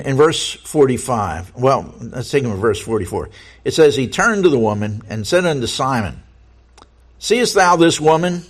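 A man with a mid-range voice preaches a sermon, reading scripture aloud and putting earnest rhetorical questions to his listeners. He often stumbles and repeats words as he goes.

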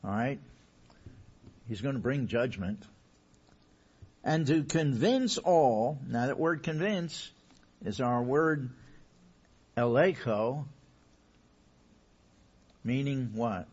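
A male pastor delivering a sermon, his voice swelling in loudness to stress points. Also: mid-range voice, lively intonation, slow, long pauses, husky. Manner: preaching with emphatic swells in loudness. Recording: dull lo-fi recording.

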